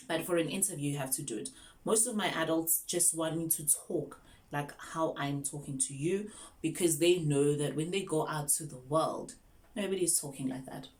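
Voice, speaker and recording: A woman's voice: sits low, darkish tone. A young South African woman, an online English teacher, chatting casually through tips and mixing English with Zulu.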